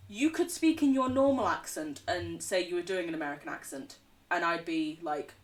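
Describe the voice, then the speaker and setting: An English woman chatting casually while streaming a game, animated, laughing often and swearing freely. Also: lowish voice, normal speed, distant mic. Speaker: livestreamer. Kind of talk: casual chat while gaming.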